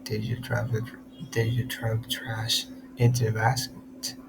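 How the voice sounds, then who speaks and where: Halting tutor, flat delivery. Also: male voice, on the low side, vocal fry, over music, rough recording. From Latin America. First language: Spanish. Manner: halting English with many restarts and self-corrections. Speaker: Spanish tutor. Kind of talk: online language lesson. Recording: steady background noise.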